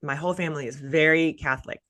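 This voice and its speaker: Chatty low-voiced Southern-raised woman host. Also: fairly even intonation, fast, fairly bright tone. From American South. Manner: chatty storyteller, many "like" fillers. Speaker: podcast host. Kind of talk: casual conversational interview.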